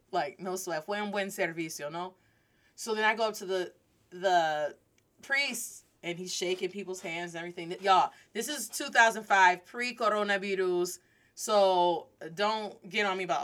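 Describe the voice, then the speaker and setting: A woman hosting a Spanish lesson, telling a lively story and drawing out key words for emphasis. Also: mid-range voice, normal speed. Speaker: Spanish teacher and host.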